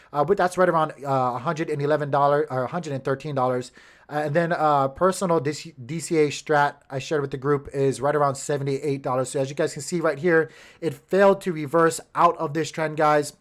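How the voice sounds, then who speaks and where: A man's voice: a little high, a bit bright. A man hosting a casual livestream, rambling through charts, talking to his chat and muttering to himself when his gear acts up. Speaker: crypto livestream host.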